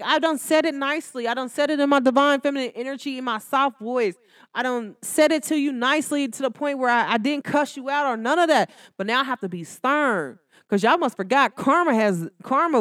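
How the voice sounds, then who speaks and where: Young woman podcast host, high and bright, sassy, animated, dry studio sound. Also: a little fast, no room sound. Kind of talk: casual solo podcast talk.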